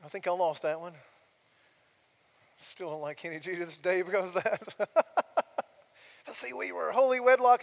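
A middle-aged man, preaching a sermon as a pastor in a conversational way, full of asides and rhetorical questions. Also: high voice. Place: church sanctuary. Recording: long hall reverb of a church.

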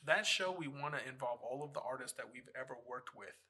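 A man's voice: medium pitch, fairly quick, bright, forceful tone. A man on a podcast talking casually about running an art space, rambling with lots of ums and restarts.

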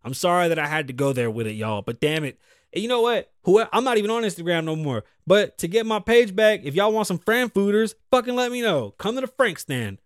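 A man's voice: sits high, brisk, no echo, clean studio sound. A man hosting his own show, ranting in casual commentary with profane outbursts and muttered asides. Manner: animated, profane, swings between loud outbursts and muttered asides. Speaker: podcast host.

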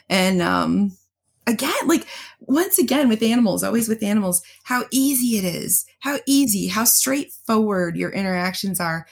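A woman co-hosting a podcast, telling blunt, profane stories in casual chat and often laughing. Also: mid-range voice. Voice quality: gravelly, husky. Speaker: podcast co-host.

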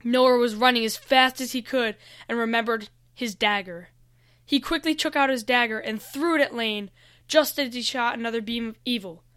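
A woman reading a fantasy story aloud with steady, even narration. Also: a little high, moderate pace, clean tone, no room sound, studio quality. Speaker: reader.

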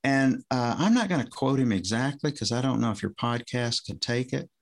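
Man, gravelly voice, rambling, restarts sentences, podcast guest, coaching talk. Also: mid-range voice, expressive, normal speed. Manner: rambling, self-interrupting, chuckling storyteller. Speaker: former swim coach, guest. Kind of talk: casual podcast conversation.

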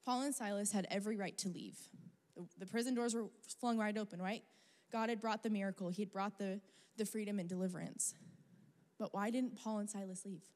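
A young adult woman preaching a sermon, telling a personal story in a chatty, animated way with casual fillers. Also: mid-range voice. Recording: long reverb of a large hall.

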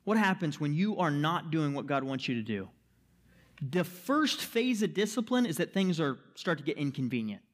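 A man's voice: a little high, sing-song, moderate pace. A man preaching a sermon as pastor, emphatic, posing rhetorical questions and checking in with the listeners. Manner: checks in with "right?" and "okay?".

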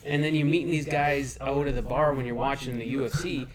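A man's voice: medium pitch, steady tone, brisk, a loud crowd. A man from Canada, a guest on a podcast, telling blunt, profane stories in casual chat. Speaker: guest, MMA fighter.

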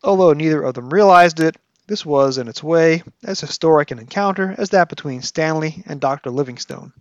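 A man's voice: fairly high pitch, fairly quick, no echo, muffled recording. A man hosting a podcast, reviewing a novel with analytical, wry commentary and reading excerpts aloud. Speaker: podcast host.

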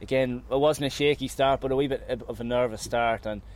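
A man's voice: medium pitch, fairly even intonation, brisk, darkish tone. A man who has just won a golf event, talking emotionally about his round and his family. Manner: emotional, thankful, talks of nerves. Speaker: winning golfer interviewed after a round. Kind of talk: emotional post-round interview. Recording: faint outdoor noise.

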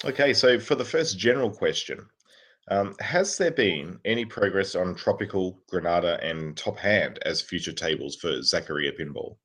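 A man's voice: low voice, expressive, moderate pace, fairly bright tone, slightly rough. A man co-hosting a podcast, reading listener questions in an easygoing, amused way. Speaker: podcast co-host.

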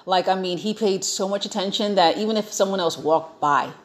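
A young woman chatting casually, telling an animated story and quoting herself and others along the way. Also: medium pitch, a little fast.

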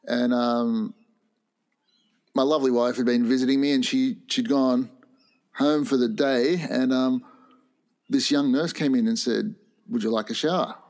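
A man's voice: mid-range voice, fairly even intonation, measured pace, long pauses, a little mellow. A man in casual chat, telling a story in a dry, understated way.

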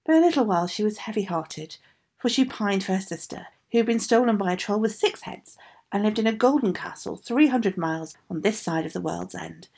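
Female storyteller, animated delivery, raspy low-edged fairy-tale read. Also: brisk. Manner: expressive, sing-song reading.

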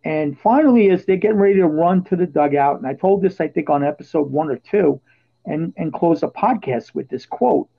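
A man hosting a podcast, telling casual stories and getting loud and animated when he quotes his own yelling. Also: on the high side, fairly quick, creaky, breathy edge. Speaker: podcast host. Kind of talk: casual storytelling chat. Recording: dull lo-fi podcast audio.

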